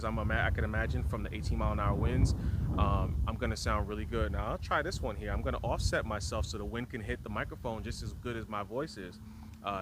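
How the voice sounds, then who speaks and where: Man talking loudly outdoors in wind. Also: on the low side. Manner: talks loudly to be heard over wind. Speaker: vlogger testing microphones. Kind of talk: casual outdoor vlog. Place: outdoors in strong wind near a tripod. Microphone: camera mic held at arm's length. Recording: loud wind noise outdoors.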